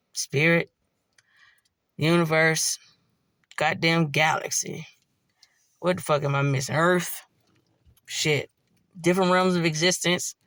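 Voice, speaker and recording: A woman delivers a blunt, preachy spiritual monologue full of swearing. Her voice is gravelly and sits a little high. The recording is dry and close, with no room sound. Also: fairly bright tone, dry recording. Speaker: spiritual vlogger.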